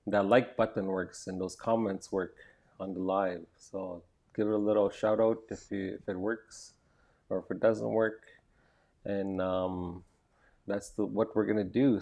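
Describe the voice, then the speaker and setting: A man hosting a live-streamed podcast interview from an indoor arts center, talking casually and haltingly with many fillers. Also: fairly low pitch, gravelly, a little mellow.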